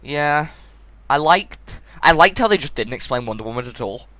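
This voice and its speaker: A man's voice: on the high side, expressive, moderate pace, sharp tone, no room sound. A man reviewing a film in casual chat. He is blunt and mocking, and he steers the discussion.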